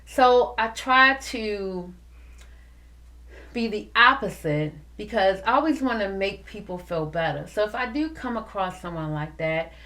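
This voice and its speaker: Woman host, forties, lively and preachy, talks straight to the listener. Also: medium pitch. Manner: animated, preachy, addresses listeners as y'all. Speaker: podcast host. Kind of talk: casual motivational talk.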